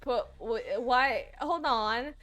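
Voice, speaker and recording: A woman's voice: a little high, very slow, fairly bright tone. A young woman streaming a game, sleep-deprived and yawning, chatting in a rambling, giggly, self-deprecating way. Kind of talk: casual gaming stream chat.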